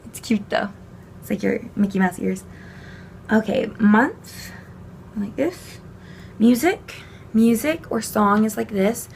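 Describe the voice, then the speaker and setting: A woman's voice: medium pitch, slow pace, creaky, long pauses, darkish tone, a little hiss or hum. A young woman casually explaining sign language vocabulary to a home camera, chatty, with fillers and small laughs.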